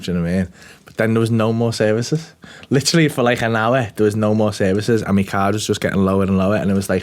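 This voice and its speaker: A man's voice: on the low side, steady tone, very fast. Sweary laughing British man telling stories. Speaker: comedian podcast co-host. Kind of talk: casual chat, storytelling.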